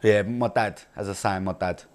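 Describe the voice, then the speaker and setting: A man's voice: fairly low pitch, steady tone, moderate pace, lightly acted. A man playing a brash, crude chav with an Essex accent, rambling and swearing in laddish banter as a comedy character monologue.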